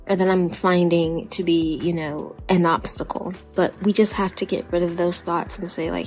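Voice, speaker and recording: Young texan woman on a podcast, kinda low voice, chatty and encouraging, lots of "like". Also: flat delivery, moderate pace, few pauses, a little mellow. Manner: earnest, encouraging, chatty with "like" and "you know". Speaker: podcast co-host. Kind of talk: casual podcast monologue.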